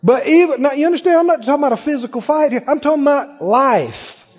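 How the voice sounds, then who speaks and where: A man's voice: very high-pitched, lively intonation, fast, long reverb tail, dull audio. A man preaching a sermon, telling a personal story and acting out the voices in it.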